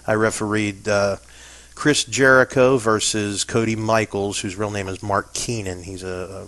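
A man's voice: lowish voice, fairly bright tone, no room sound. A man from Pennsylvania telling stories in a casual interview, chatty and self-deprecating. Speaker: interview guest.

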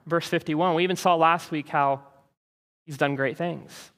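A man with a high voice preaches a sermon, animated and conversational, tossing in quick asides to his listeners. His voice rings out with a long reverb, as in a church hall. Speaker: pastor.

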